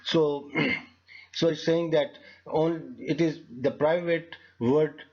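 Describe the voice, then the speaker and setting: A man teaching a lecture on logic fallacies, talking in a halting way with many fillers and restarts. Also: fairly high pitch, fairly even intonation, dull audio.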